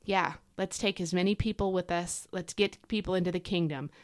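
Woman host, fast emphatic devotional podcast talk, slightly low pitch, chatty fillers. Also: fairly even intonation. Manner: enthusiastic, emphatic, self-correcting with fillers; fast talker. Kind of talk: casual devotional teaching. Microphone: podcast microphone.

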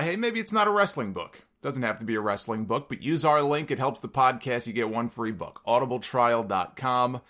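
Joking male wrestling podcast host. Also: sharp tone. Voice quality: sometimes gravelly low notes. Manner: jokey wrestling-fan banter, rattles off listener names. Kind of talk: casual podcast monologue with sponsor reads.

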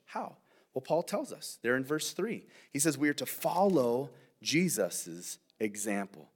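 A man's voice: medium pitch, big pitch swings, measured pace, slightly rough. A male pastor giving a verse-by-verse sermon, earnest and conversational, often saying "man" and asking "right?".

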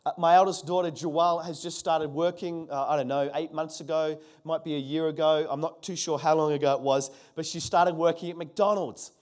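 High-pitched guy in his 40s preaching, punchy and repetitive, gets the room to answer back. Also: steady tone, a little fast, hardly any pauses, a little mellow. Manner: emphatic, repeats key phrases, calls on the congregation. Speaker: pastor. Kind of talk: sermon.

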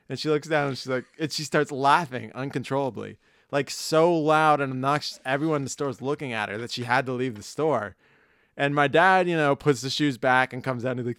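A man's voice: medium pitch, brisk, a bit bright, clear, resonant tone, no echo, studio quality. A man in his thirties hosting a podcast, telling rambling stories and swearing freely in casual chat. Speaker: podcast host.

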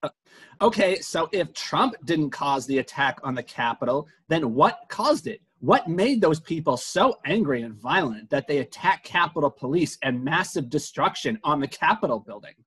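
A man with a somewhat high voice, chatting casually on a podcast. He chuckles a lot and reads posts aloud, stumbling and restarting as he goes. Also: animated, normal speed, fairly bright tone, breathy edge.

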